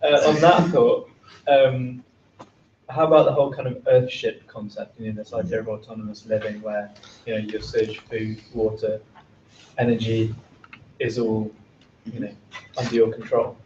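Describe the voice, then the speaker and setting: A man in the audience asking a question in a relaxed, flat delivery. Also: fairly low pitch, normal speed, a little hiss or hum. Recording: distant, echoey, lo-fi room recording.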